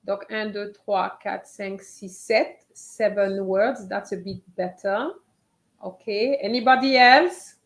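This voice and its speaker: A woman teaching a live online French writing lesson, slowly reading out students' answers and encouraging them. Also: mid-range voice, fairly even intonation.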